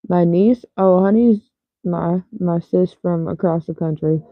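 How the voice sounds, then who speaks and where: A woman's voice: fairly low pitch, unhurried, no room sound. A woman chatting casually with her livestream viewers, talking bluntly and swearing a lot. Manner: blunt and heavily profane. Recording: tinny phone-like dry sound.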